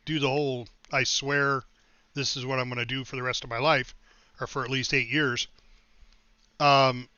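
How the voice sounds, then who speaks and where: A man's voice: medium pitch, sharp tone, clean tone, dry recording, dull audio. A middle-aged man streaming a game, telling long personal stories in a casual, rambling way and thanking his followers. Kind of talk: casual storytelling while livestreaming.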